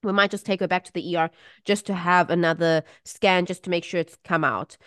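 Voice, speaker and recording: A woman co-hosting a casual chat and telling an animated family anecdote with frequent laughter. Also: fairly low pitch, a little fast, dry recording, clean studio sound. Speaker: podcast co-host.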